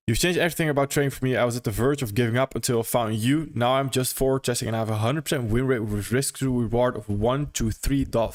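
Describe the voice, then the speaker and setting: A young man hosting a trading livestream, chatting casually and greeting viewers by name, repeating phrases in an upbeat way, close to the mic. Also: medium pitch. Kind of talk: casual livestream chat reading viewer comments.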